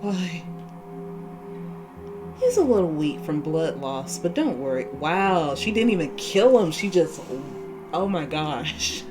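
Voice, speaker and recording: A woman's voice: fairly low pitch, very animated, a little slow, pauses often. A woman hosting a horror game playthrough, reading the text aloud and reacting with shocked exclamations and nervous laughs. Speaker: gaming channel host. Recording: game playthrough with music behind.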